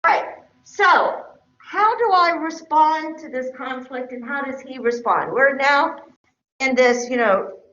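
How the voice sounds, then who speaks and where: A woman's voice: sits high, takes it slowly, fairly bright tone. A middle-aged woman lecturing a class in a conversational way, often checking in with her listeners. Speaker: teacher. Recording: echoey room, dull lo-fi sound.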